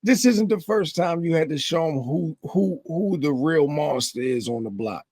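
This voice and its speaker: A man's voice: a little high, animated, moderate pace, a little mellow, no echo. A man hosting a podcast interview, asking questions casually and repeating words as he stammers. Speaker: podcast host.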